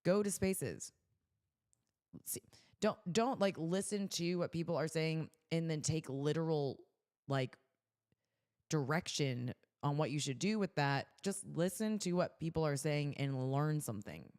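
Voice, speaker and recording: Bubbly woman with a smooth clear voice. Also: low-pitched, a little slow, darkish tone. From California. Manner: bubbly, lots of "like" fillers. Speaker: podcast co-host. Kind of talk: casual chat.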